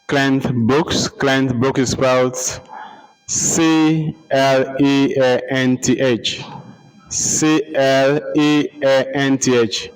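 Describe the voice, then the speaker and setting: A man giving a lecture, slowly repeating names and spelling them out letter by letter for note-taking. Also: medium pitch, level tone, clear, resonant tone, poor audio. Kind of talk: slow dictation-style lecture.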